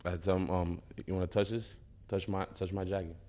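A man's voice: low voice, little pitch movement, normal speed, dark tone. A young man chatting casually as a guest, laid-back and joking. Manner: laid-back, joking, says "you know" a lot. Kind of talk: casual interview chat.

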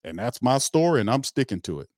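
A man's voice: mid-range voice, big pitch swings, fast talker, a little mellow. Ranting man hosting a fan stream. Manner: blunt, ranting, mocking, with slang and cursing. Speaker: fan show host. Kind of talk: heated fan commentary on a livestream.

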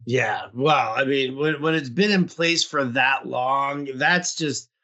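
A man's voice: mid-range voice, slow, pushed and bright. A young man co-hosting a casual podcast chat, rambling with lots of fillers. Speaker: podcast co-host.

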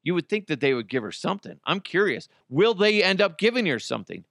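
Animated, bright-voiced male podcast host. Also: high voice, fast, creaky, hardly any pauses, no echo, clean studio sound. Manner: crude, jokey, animated, swings into mocking voices. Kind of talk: casual solo podcast rant.

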